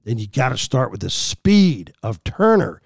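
A man's voice: medium pitch, big pitch swings, measured pace, gravelly, husky, no room sound, clean studio sound. A man hosting a sports podcast, arguing his opinions in a heated, emphatic way.

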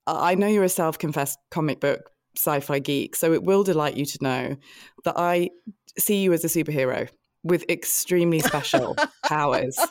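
A woman's voice: low-pitched, normal speed, no echo, clean studio sound. A woman hosting a podcast, introducing her guest in an effusive, gushing way with frequent laughter. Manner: effusive, laughing, tearful at times. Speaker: podcast host.

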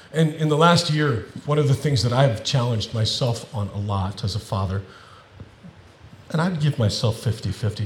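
A middle-aged male pastor giving a sermon, with animated preaching that builds to emphatic repetitions. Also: on the low side, reverberant, a little hiss or hum.

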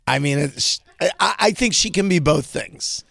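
Male podcast host, gravelly voice, dry booth sound, gossipy and theatrical in his tellings. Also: on the high side, animated, a little slow, a bit bright, no room sound. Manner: chatty, gossipy, theatrical storyteller. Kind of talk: casual chat.

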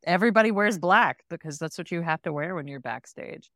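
A woman's voice: fairly low pitch, lively intonation, fairly quick, fairly bright tone, no room sound. A woman on a podcast telling stories in casual chat, laughing easily.

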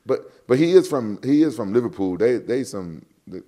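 A middle-aged man from Memphis, joking and telling animated stories as a guest in a casual chat. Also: mid-range voice, normal speed. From Memphis, USA. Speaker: guest, fighter.

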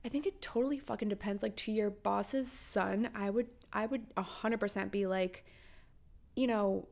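A young woman with a gravelly, fry-laced voice talks through dating advice as a podcast host. She is candid and swears freely, and she piles up emphatic rhetorical questions. Her pitch sits in the middle of the usual range for a woman. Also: moderate pace, darkish tone. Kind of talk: casual advice chat.

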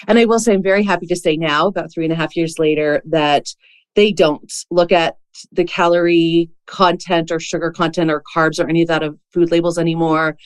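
A woman's voice: low-pitched, fairly even intonation, fairly quick, smooth. A woman hosting a podcast interview, telling a story in a chatty way full of "like" fillers. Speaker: podcast host. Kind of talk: casual conversational interview.

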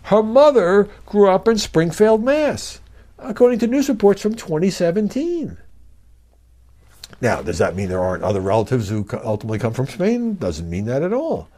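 A man's voice: high-pitched, huge pitch swings, moderate pace, dark tone. A man hosting a podcast, giving casual, skeptical media commentary with frequent fillers. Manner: reads a quoted statement aloud. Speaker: podcast host.

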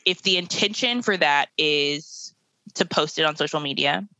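A young woman in her late twenties, an educator, is a guest in a podcast interview, speaking bluntly and emphatically and laughing now and then. Her deep voice is bright and forceful, at a moderate pace, recorded dry and close with no room sound and low quality.

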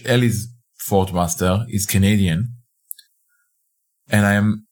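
A man narrates a fiction podcast in first person, his voice on the low side. He talks conversationally but hesitantly, often restarting his sentences.

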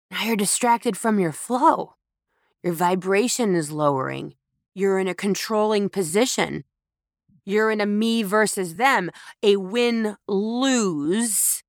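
In studio quality without any echo, a female podcast host with a medium-pitched voice reflects on spiritual matters. Her monologue is slow and emphatic, using repeated phrases for effect.

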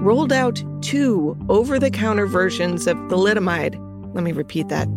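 A woman hosting a podcast, giving scripted history narration in an even, measured read with chatty asides. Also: mid-range voice. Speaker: podcast host.

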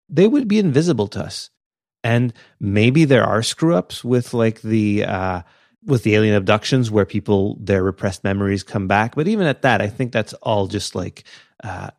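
A man's voice: fairly low pitch, a little mellow, no room sound, clean studio sound. A man putting on the voice of a blunt, skeptical man who dismisses UFO sightings, in an insistent, lecturing way. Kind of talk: podcast impression of a friend.

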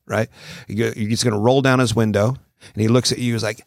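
A man's voice: lowish voice, fairly quick, vocal fry, no echo, clean studio sound. A man in his forties hosting a podcast, chatting casually and acting out dialogue as he tells stories. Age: 40s. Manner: animated storyteller acting out dialogue. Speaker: podcast host. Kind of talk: casual conversation.

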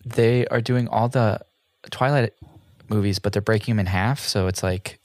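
A young man co-hosting a casual podcast, his voice a little low in pitch. He talks in halting bursts, filling gaps with "uh", and the recording is close and dry with no room sound. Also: darkish tone, no room sound. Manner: hesitant, filler-heavy. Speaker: podcast co-host. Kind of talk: casual chat.

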